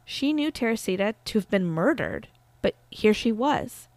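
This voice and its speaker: A woman's voice: medium pitch, sing-song, normal speed, darkish tone, no room sound. Chatty woman telling a true-crime story. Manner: chatty, uses fillers like "like". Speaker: podcast host.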